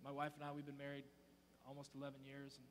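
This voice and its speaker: A man in his thirties giving a sermon to a young crowd, playful and swinging from loud bursts to hushed near-whispers. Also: mid-range voice, completely flat delivery, fast talker. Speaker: youth speaker. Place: church auditorium. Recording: long hall reverb, faint hum.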